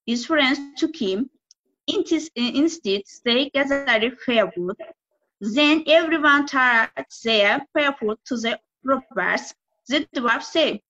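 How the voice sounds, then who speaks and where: A woman teacher reading a folk tale aloud in halting English during a lesson presentation. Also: fairly high pitch, expressive, sharp tone. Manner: halting non-native English, slow careful reading. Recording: dull lo-fi recording.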